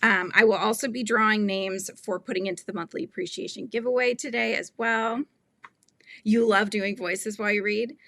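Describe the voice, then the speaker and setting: A woman's voice: mid-range voice, steady tone, moderate pace, a bit bright, no room sound. A woman from the United States, a children's book author chatting casually on a live stream, rambling and laughing often.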